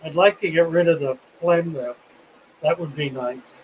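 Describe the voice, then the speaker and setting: A man's voice: on the high side, moderate pace, dull audio, a little hiss or hum. A man in his seventies hosting a livestream in a casual, folksy, rambling way, phlegmy and coughing now and then. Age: 70s. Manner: folksy, rambling, self-deprecating. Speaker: host.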